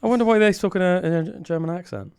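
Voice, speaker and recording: A man hosting a podcast, his voice sitting fairly high for a man. He talks loosely and jokes around, often stumbling and restarting his sentences. The sound is close and dry, with no room echo. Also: very fast, darkish tone, smooth. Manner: jokey, rambling with many restarts. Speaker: podcast host. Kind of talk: casual chat.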